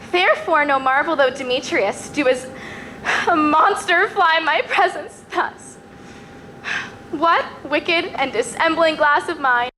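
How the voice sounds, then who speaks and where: A woman's voice: very high-pitched, pushed and bright, a little hiss or hum, heavily acted. A young woman playing a lovesick, spurned maiden in a school stage play, pleading breathlessly in verse. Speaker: student actor.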